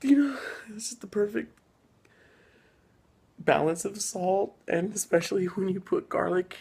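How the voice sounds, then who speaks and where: Halting, gravelly young man. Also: high-pitched, a little mellow. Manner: hesitant, halting delivery with whispered asides; mock-emotional, rising giddy. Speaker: comedy sketch performer. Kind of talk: deadpan parody dating video.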